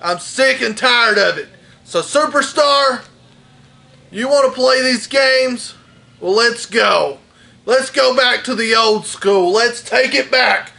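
A male pro wrestler cuts a challenging promo, slow and deliberate. His voice sits high, with a gravelly fry. The tone is sharp and very bright.

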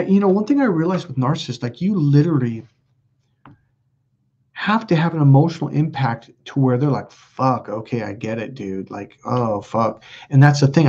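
A man's voice: on the high side, slightly rough, lo-fi sound. A man hosting a casual live stream, telling a story with lots of profanity and acted-out dialogue. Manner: animated, profane, reenacts dialogue. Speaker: self-help video host.

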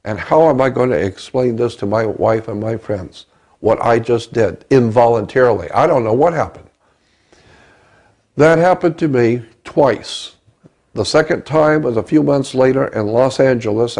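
An older man with a gravelly voice tells a story from his own life in an interview. He speaks slowly and haltingly and often stumbles over his words. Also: medium pitch, darkish tone. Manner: halting, repeats words, slow. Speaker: interview guest. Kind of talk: recounting a personal story.

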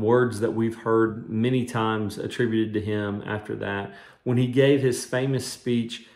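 A man's voice: mid-range voice, gravelly, darkish tone. Guy preaching a short devotional, talks plain and earnest, echoey room sound. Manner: conversational, earnest storytelling with scripture quotes. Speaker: minister. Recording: roomy echo.

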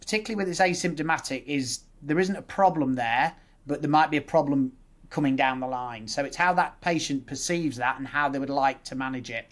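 This West Yorkshire man, a dentist appearing as a guest, chats casually in an interview and walks through his hands-on approach one step at a time, including the scripts he uses with patients. He speaks a little fast in a mid-range voice.

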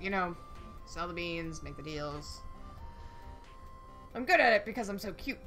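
A woman's voice: on the low side, expressive, unhurried, over music. A woman voicing a smug, sassy young bean seller in a video game.

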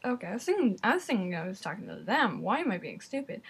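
A woman's voice: medium pitch, fast talker, breathy edge. A woman giving casual reaction commentary to a video, exclaiming often and talking straight to her viewers. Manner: excitable, exclaims and talks to viewers.

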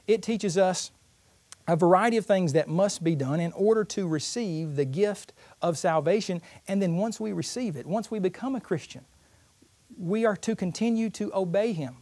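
A man's voice: high voice, lively intonation, moderate pace, darkish tone. A man teaching a Bible lesson in an earnest, explanatory way, using everyday analogies. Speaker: preacher.

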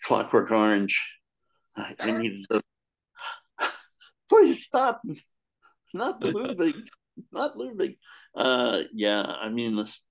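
An older man, a guest in a casual talk, telling long rambling stories with frequent laughs. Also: mid-range voice. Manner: rambling storyteller, laughs often, acts out quotes. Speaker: podcast guest, comics editor. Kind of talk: casual chat, anecdotes.

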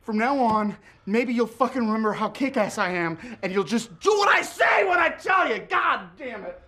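A profane, bossy rock singer. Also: male voice, very high voice, lively intonation, normal speed, heavy background noise. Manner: profane, impatient, bursts into shouting and singing. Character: brash, bossy young male rock musician. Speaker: band leader. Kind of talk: improvised film comedy. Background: loud guitar playing.

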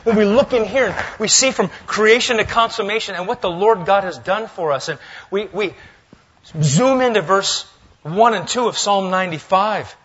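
A male pastor preaching a sermon in a church, lively and swinging between loud, emphatic lines and hushed asides. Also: sits high, moderate pace, breathy edge, dull audio. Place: church sanctuary.

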